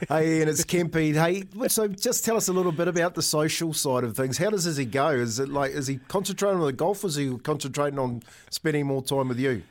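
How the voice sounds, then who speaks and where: A man co-hosts a radio show, firing off chummy questions and laughing along with his guests. His voice sits a bit higher than the others. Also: fairly quick, few pauses. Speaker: radio co-host. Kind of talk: casual radio hosting.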